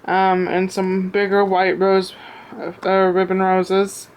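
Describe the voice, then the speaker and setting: A woman showing off a craft piece she made, talking out of breath, with many pauses and ums, recorded on a camera on a tripod at home. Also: mid-range voice, monotone, darkish tone, clean tone. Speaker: crafter showing her work. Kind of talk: casual show-and-tell.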